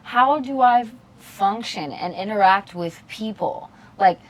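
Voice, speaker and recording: A woman's voice: medium pitch, slow pace. A woman co-hosting a podcast in casual chat, telling a story with lots of swearing and quoted voices. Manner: animated storyteller, swears freely, mimics people. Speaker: podcast co-host.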